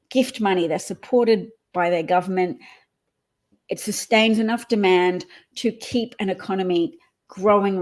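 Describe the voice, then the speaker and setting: A woman's voice: mid-range voice, a little mellow. A woman hosting a political livestream, talking casually and explaining at length with some fillers.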